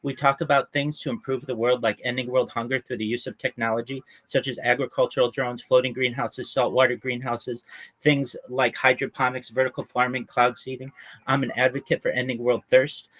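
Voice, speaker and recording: A man's voice: flat delivery, a little fast, fairly bright tone. A man eagerly describing his round-the-clock livestream project in a casual voice chat. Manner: earnest, eager self-promoting pitch. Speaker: livestreamer guest.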